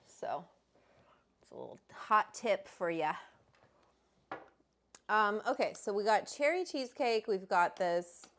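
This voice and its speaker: Lady host on a chill livestream, unhurried, rambly, says hi to viewers. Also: lowish voice, a bit bright. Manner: chatty and rambling, greets viewers by name. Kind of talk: casual livestream chat.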